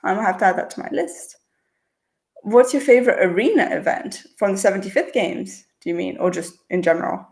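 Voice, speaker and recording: A young woman hosting a casual livestream, reading out chat questions and answering in a relaxed, chatty way, thinking aloud before she replies. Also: mid-range voice, fairly quick, gravelly. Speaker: channel host.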